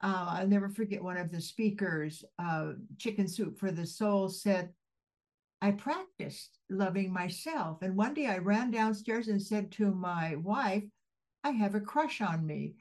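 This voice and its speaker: A woman's voice: mid-range voice, a little slow, a little mellow, poor audio. An older woman hosting an interview podcast, telling stories with enthusiasm. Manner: enthusiastic storytelling. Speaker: podcast host. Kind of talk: interview conversation.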